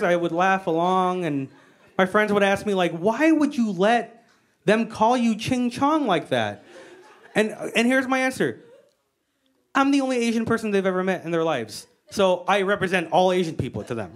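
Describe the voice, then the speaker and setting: An American woman doing a stand-up comedy set on stage, brash, profane and self-mocking. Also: fairly low pitch. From United States. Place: comedy stage before a live audience.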